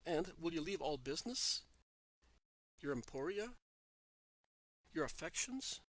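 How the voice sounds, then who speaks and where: Man reading as a calm, kind teacher. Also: fairly high pitch, a little slow, no echo, full character voice, low-quality recording. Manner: calm, gently questioning.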